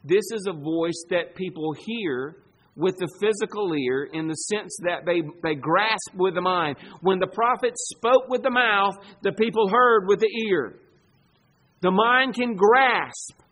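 A man preaching a sermon, emphatic, asking rhetorical questions and swinging between loud declarations and hushed asides. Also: sits high, unhurried.

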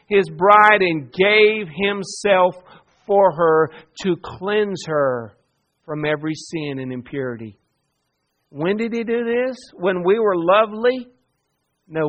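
A man preaching a sermon, earnest, moving between soft hushed lines and emphatic ones. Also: high voice, muffled recording. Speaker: pastor.

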